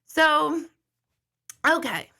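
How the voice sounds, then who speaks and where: Middle-aged woman hosting a casual livestream; bright, lively, chatty, a bit profane. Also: high-pitched, very slow, gravelly. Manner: chatty, animated, swears casually. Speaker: livestream host, medium. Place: home kitchen.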